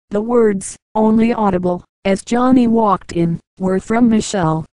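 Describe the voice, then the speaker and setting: Mellow-voiced woman reading a novel. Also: medium pitch, a little slow, hardly any pauses, dry recording, rough recording. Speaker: audiobook reader. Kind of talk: novel narration.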